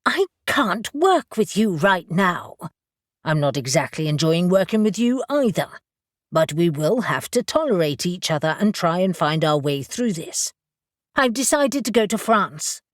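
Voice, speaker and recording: A sharp-tongued woman executive from an audiobook, biting and defiant, as a narrator puts her on. The read sounds close and dry. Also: medium pitch, sing-song, measured pace, no echo, voice pushed up. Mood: cold.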